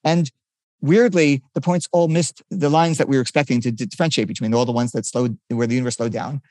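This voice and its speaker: Older guy talking fast about his science, kinda high voice, keeps restarting, dry close sound. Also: steady tone, darkish tone, no room sound. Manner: eager, quick explanations with frequent restarts. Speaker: physicist guest. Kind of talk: conversational interview.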